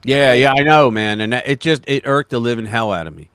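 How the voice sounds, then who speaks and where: A man hosting a political livestream, talking in a casual, emphatic way that keeps restarting itself. His pitch swings widely as he gets worked up, and his voice sounds dry and close, with very little room sound. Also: brisk, smooth, no echo. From United States. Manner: animated, emphatic, talks over himself with restarts and quoted voices.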